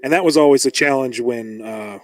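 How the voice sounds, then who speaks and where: A man guesting on a podcast, telling animated stories and acting out quoted dialogue, into a mic on a stand. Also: medium pitch, moderate pace, no room sound, low-quality recording. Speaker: guest, comic book writer. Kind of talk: casual interview chat.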